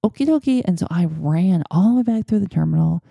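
A woman's voice: on the low side, a little fast, vocal fry, dark tone, breathy edge, dry recording, studio quality. A woman hosting a podcast, telling a personal story in a chatty, rambling way. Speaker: podcast host. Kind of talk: casual storytelling.

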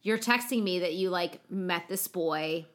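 A woman co-hosting a podcast in casual chat, with a chatty, drawn-out delivery that rises into sing-song quotes. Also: fairly low pitch. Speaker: podcast co-host.

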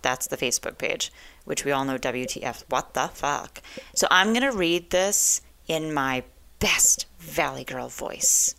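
Blunt low-voiced woman radio host. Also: creaky, a bit bright. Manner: blunt, profane, provocative. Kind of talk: talk radio rant.

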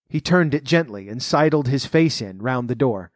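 A man narrating a storybook, reading in an expressive, lively way. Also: mid-range voice, normal speed, no echo, clean studio sound.

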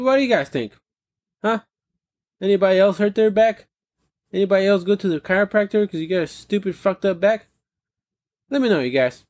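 Profane, rambling man ranting solo. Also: high-pitched. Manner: profane, rambling, asks listeners questions. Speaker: podcast host. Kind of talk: solo comedic rant.

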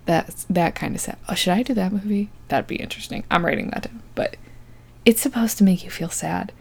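A woman's voice: medium pitch, a little fast, creaky, husky. A young woman casually recapping a movie, chatty and sarcastic, full of likes, ums and asides.

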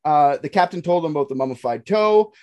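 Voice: medium pitch, expressive, fairly quick, a little mellow. A podcast host casually telling a legend to friends, offhand and swearing freely. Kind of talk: casual storytelling chat.

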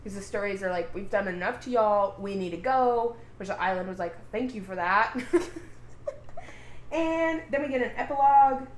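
A woman's voice: mid-range voice, normal speed, roomy sound, slight background noise. A woman co-hosting a podcast, casually recapping a TV plot, swearing freely and acting out the characters' lines. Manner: animated, swearing, acts out quotes. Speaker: podcast co-host.

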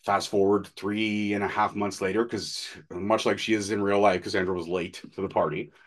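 A man's voice: on the low side, little pitch movement, moderate pace. A man in his thirties, a podcast co-host, telling personal stories in candid, profane, casual chat. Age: 30s.

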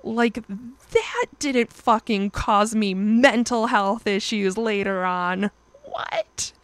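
A woman's voice: mid-range voice, slow pace, no echo. A woman telling a personal story in a casual vlog, blunt and emphatic, with frequent swearing.

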